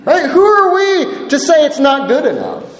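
A man's voice: very high-pitched, huge pitch swings, moderate pace. A man preaching a sermon, emphatic and checking in with the congregation by asking "right?" again and again. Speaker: pastor. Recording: echoey hall with long reverb.

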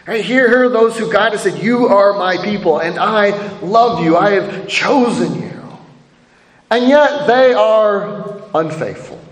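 Animated man preaching in echoey hall. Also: sits high, unhurried. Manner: conversational preaching with frequent "right?" asides. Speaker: pastor. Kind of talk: sermon. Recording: echoey hall with long reverb.

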